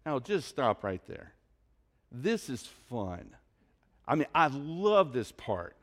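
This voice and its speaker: A pastor preaching a sermon, telling a story in an animated, conversational way. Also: male voice, mid-range voice, slow.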